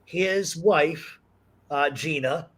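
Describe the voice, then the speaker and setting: A man's voice: on the high side, drawn-out words. A man hosting a talk show, telling stories casually with lots of swearing. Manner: profane, animated storyteller. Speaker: podcast host. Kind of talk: casual storytelling chat.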